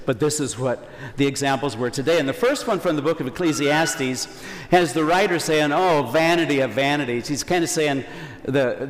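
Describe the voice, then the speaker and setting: Folksy preacher in a reverberant church. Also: male voice, medium pitch. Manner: conversational, folksy preaching with acted-out quotes. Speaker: priest. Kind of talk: Sunday homily.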